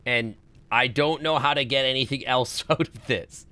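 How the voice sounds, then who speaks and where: A man's voice: medium pitch, normal speed, bright, forceful tone, no room sound. A man streaming a puzzle game live, thinking aloud and swearing in frustration. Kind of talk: live gameplay commentary.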